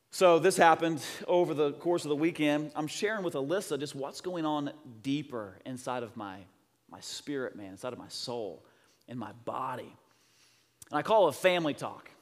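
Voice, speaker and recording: A man in his thirties preaching a sermon, telling family stories with lively swings from soft to loud. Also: fairly high pitch. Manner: animated storyteller, acting out family dialogue, swings from soft to loud. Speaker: pastor. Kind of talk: sermon storytelling. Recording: long hall reverb.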